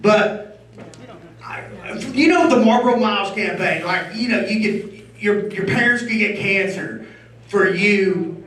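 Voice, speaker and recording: Brash stand-up, high and lively, recorded roomy and off-mic. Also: male voice, unhurried, pauses often. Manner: loud, rowdy, crowd-baiting, crude. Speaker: stand-up comedian. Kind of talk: stand-up comedy set. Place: comedy club stage. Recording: roomy club sound from a distance.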